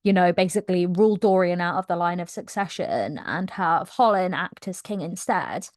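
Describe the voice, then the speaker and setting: A woman's voice: lowish voice, normal speed, darkish tone, no echo, studio quality. A young woman giving a casual book recap, gushing and slangy, laughing often. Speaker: book vlogger.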